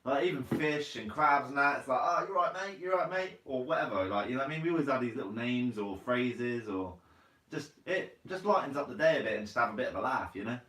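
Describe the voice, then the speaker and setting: A man's voice: medium pitch, expressive, fast, fairly bright tone, recorded from a distance. Laid-back man chatting on a live stream. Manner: casual and chatty, says mate a lot. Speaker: fishing channel host. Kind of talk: live stream chat, reading comments. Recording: roomy, from away from the mic.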